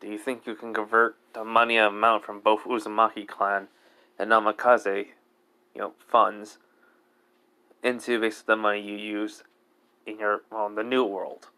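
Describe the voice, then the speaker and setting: A man reads out a weary, regretful old village leader in a homemade fan story, his voice low-pitched and clean. The lines come haltingly, with fillers between the words. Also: little pitch movement, bright, forceful tone, clear, resonant tone. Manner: plain reading voice, hesitant with fillers.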